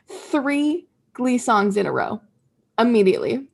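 A young woman with a medium-pitched, gravelly voice co-hosts a podcast. She chats casually about pop culture, gushing and laughing often.

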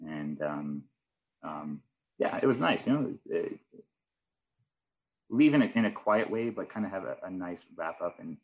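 Husky man rambling in casual chat. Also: sits low, lively intonation, measured pace, pauses often, dull audio. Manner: rambling, many fillers and restarts. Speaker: departing guest.

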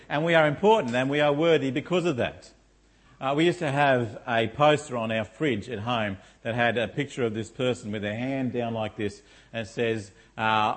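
A middle-aged male pastor preaches to his congregation in a church. His voice is husky and a little breathy, at an ordinary male pitch. He keeps checking in with his listeners through rhetorical questions. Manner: rhetorical, asks the congregation "isn't it?". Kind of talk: sermon.

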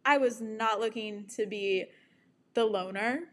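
A woman's voice: a little high, measured pace. A young woman candidly telling a personal story to the camera, reflective and often breaking into nervous laughter.

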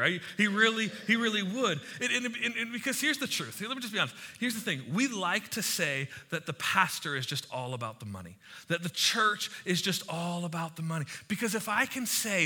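A pastor in his thirties preaches to his congregation with a very bright, clear tone and a slightly high voice for a man. He talks casually, tells stories and slips into quick voices for the people in them. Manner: conversational and animated, with acted-out quotes and asides. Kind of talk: sermon.

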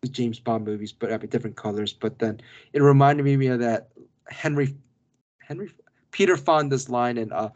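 A male podcast co-host talking through a film review in a loose, rambling way. He circles back on himself often, piling up asides as he goes. His voice sits at an ordinary middle pitch. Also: normal speed, lo-fi sound. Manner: rambling, with many restarts and asides. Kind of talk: casual film review chat.

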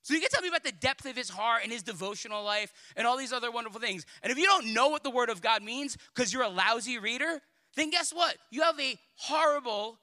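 Man preaching a sermon, high voice, very bright and forceful tone, blunt and sarcastic. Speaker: pastor.

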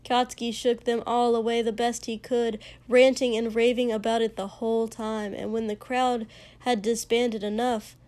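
A woman reading fiction aloud as narrator, in an unhurried, measured way. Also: on the high side, level tone, a little mellow.

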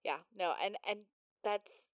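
A woman co-hosting a podcast who questions and riffs on a movie's logic in animated, casual talk, with frequent swearing and giggles. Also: mid-range voice, measured pace, dry recording, studio quality. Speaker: podcast co-host. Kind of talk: casual chat recapping a movie.

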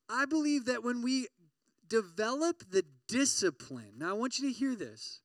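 A man preaching a conversational sermon to a campus ministry group, animated and often checking in with his listeners. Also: extremely high pitch, moderate pace, no echo, distant mic. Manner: acts out everyday inner voices with sudden loud outbursts.

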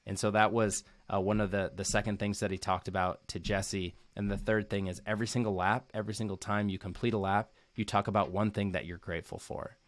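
A man's voice: fairly low pitch, flat delivery, a little fast, hardly any pauses, no echo. A young man giving an earnest, casual recap to camera as a motivational coach, often using "like" as a filler and repeating key phrases.

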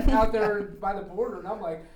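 High-voiced man laughing through a story. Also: moderate pace, a crowd in the background. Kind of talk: casual storytelling. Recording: echoey, distant from the mic.

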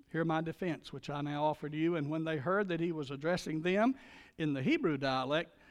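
Older man, pastor, sermon, dramatic storytelling, high voice, echoing church hall. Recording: long reverb of a large hall.

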